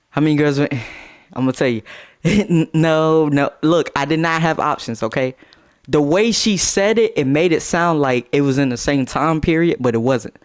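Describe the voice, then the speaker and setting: Young man, slightly high voice, animated casual storyteller, swears freely. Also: moderate pace, smooth. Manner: animated, swings into high-pitched outbursts when quoting.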